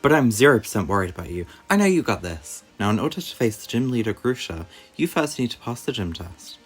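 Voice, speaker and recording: A man voicing a peppy, upbeat young girl rival, bright and bubbly. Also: medium pitch, big pitch swings, a little fast, breathy edge, soft background music. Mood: cheerful.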